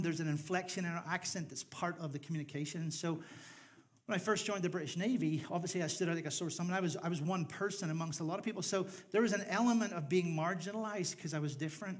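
A man's voice: a little high, fast. A middle-aged man from Northern Ireland with a Northern Irish accent, preaching a sermon with humorous stories that build into a fervent appeal. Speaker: pastor.

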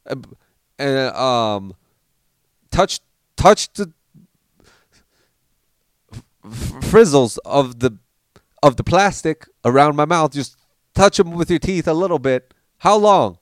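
A man telling childhood stories in a loose, animated way, slipping into the voices of his family. His pitch sits in the middle, and the recording is dry and close. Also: slow, pauses often, smooth, no room sound. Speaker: podcast storyteller. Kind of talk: casual storytelling.

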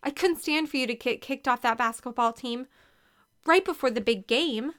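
A woman's voice: high-pitched, moderate pace, pitched above the performer's own voice. Woman doing Ashley, a gushing teen girl. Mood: eager. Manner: gushing, excitable. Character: eager girly teen twin girl.

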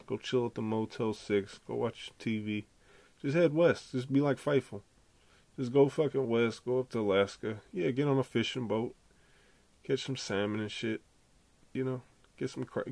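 A man hosting a podcast, delivering an animated, profane, slangy casual rant. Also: medium pitch, moderate pace, vocal fry, no room sound. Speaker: podcast host.

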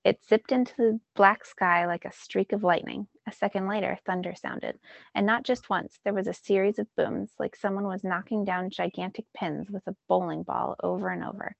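Brief: woman teacher reading a children's novel aloud, gravelly voice, dull and dry recording. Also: medium pitch, moderate pace, no echo. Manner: steady storytelling narration.

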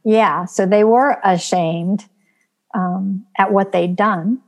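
A woman discusses her faith in an easy conversational way. She speaks earnestly, sliding into a gentle preaching tone, and her thoughts are dotted with ums. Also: mid-range voice, steady tone, slow. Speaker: co-host of a Christian talk show.

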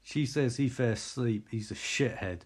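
A man's voice: mid-range voice, moderate pace. Man, comedic movie recap, crude and sarcastic. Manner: crude, sarcastic, laughing asides. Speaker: film recapper.

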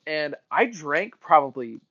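A man co-hosting a book podcast in a casual chat, telling animated stories with lots of laughs and restarts. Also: fairly high pitch, measured pace, no room sound. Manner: animated storyteller, laughs often, trails off into restarts. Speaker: podcast co-host. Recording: dull lo-fi sound.

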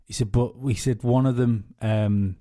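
Mellow-voiced podcast guy, rambly, swears a lot, keeps restarting. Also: mid-range voice, fairly even intonation, measured pace. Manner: rambling storyteller, swears freely, many restarts. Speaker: podcast co-host. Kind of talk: casual chat.

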